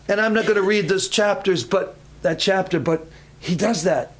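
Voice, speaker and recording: A man preaching a sermon, telling a Bible story slowly and emphatically, acting out the voices. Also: sits high. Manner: acts out voices in the story, calls names dramatically. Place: church.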